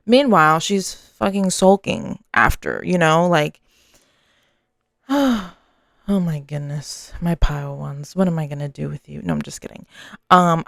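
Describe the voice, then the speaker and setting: A woman's voice: fairly low pitch, gravelly, darkish tone, no room sound, studio quality. A woman giving a casual, chatty tarot reading to her viewers, full of fillers and the odd swear word. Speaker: tarot reader.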